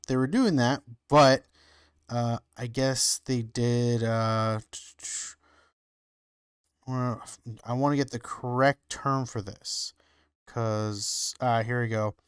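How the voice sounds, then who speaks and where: A man's voice: mid-range voice, smooth, no room sound, studio quality. A man co-hosting a podcast, speaking hesitantly and searching for words, with many fillers. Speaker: podcast co-host. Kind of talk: casual chat.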